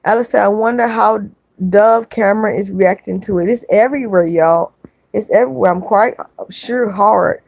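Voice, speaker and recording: A woman hosts a casual livestream, reading viewers' comments aloud and answering each one. She speaks softly and haltingly, with frequent fillers and restarts, at an average pitch. The sound is dry and close, with no room echo. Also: gravelly. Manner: soft-spoken, halting, many fillers and restarts. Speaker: livestream host.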